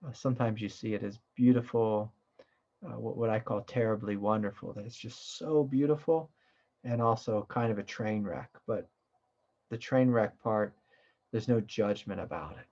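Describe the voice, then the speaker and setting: Gravelly man giving a gentle spiritual talk. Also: fairly low pitch, moderate pace, muffled recording. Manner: gentle, reflective, with many fillers and asides. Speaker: meditation and spiritual teacher. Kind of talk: satsang talk.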